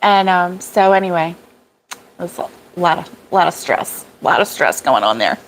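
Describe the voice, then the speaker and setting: A woman's voice: lowish voice, big pitch swings, brisk, low-quality recording. A middle-aged woman hosting a casual live stream from a cabin, chatty, laughing often and reading viewer comments aloud. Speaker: crochet vlog host. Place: cabin in the woods.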